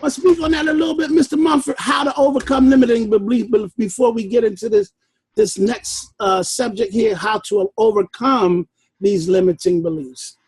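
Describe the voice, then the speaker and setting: A man leading a personal development class, giving an emphatic motivational talk with bursts of shouting. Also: very high-pitched, steady tone, moderate pace, breathy edge, dry recording, low-quality recording.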